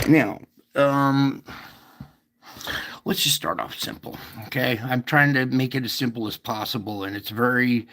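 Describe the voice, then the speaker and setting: A man hosts a casual livestream and explains at length. He wanders, restarts, and keeps checking in with his listeners. His voice is gravelly with a touch of fry, and he takes his time. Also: medium pitch, fairly even intonation, a little slow, long pauses, pushed and bright. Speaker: livestream host.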